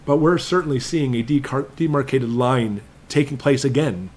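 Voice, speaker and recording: A man hosting a live question-and-answer stream, talking at a medium pitch. He lectures emphatically and slows down hard when he wants a point to land. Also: darkish tone. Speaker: prepping channel host.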